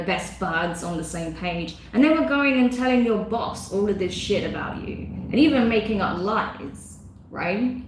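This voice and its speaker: Effusive woman tarot reader, very echoey room. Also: medium pitch. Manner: effusive, emotional, chatty with many fillers. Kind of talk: casual tarot reading. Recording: very echoey room with faint noise.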